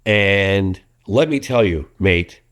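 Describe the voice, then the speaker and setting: A man's voice: low voice, takes it slowly. A middle-aged man, a documentary filmmaker, talking casually in an interview and telling stories with lots of restarts. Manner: animated storyteller, many restarts, acts out quotes.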